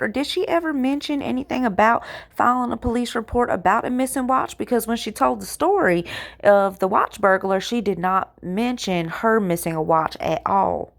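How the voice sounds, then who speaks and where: A woman hosting reaction commentary in a sassy manner, with drawn-out asides. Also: a little high, vocal fry. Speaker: commentary host.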